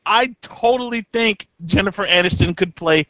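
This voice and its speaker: A man's voice: high-pitched, moderate pace, sharp tone, no echo, low-quality recording. A man co-hosting a podcast in casual chat, rambling, swearing casually and laughing often. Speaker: podcast co-host. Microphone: podcast mic.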